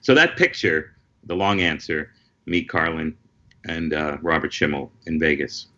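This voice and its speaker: A man, a guest comedian, telling lively anecdotes in casual conversation over a video call. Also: rumbling low, muffled recording. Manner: lively anecdotal storyteller, quick asides. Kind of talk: casual storytelling chat.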